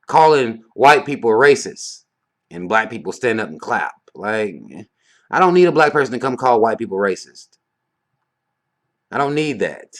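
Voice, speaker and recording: Speaking in an expressive, medium-pitched voice at a moderate pace, this vlogger delivers a casual rant to camera. He's blunt, heated and foul-mouthed, throwing out one rhetorical question after another.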